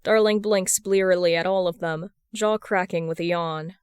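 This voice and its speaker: Woman narrator, podfic reading, smooth clear voice, dry close sound, steady pace. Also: on the low side, moderate pace, dry recording. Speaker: podfic reader. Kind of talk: audiobook narration of fan fiction.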